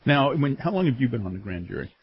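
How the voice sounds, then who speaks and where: A man's voice: medium pitch, very animated, quick pace, a little hiss or hum. A man hosting a local radio talk show, chatting casually with a guest and taking calls, with many fillers. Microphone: studio microphone. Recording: slightly dull radio broadcast sound.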